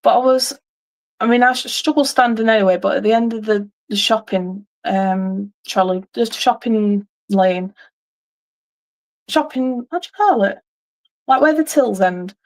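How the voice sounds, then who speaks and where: A woman's voice: mid-range voice, measured pace. A middle-aged woman, host of a livestream, chatting casually and telling a rambling story with many restarts.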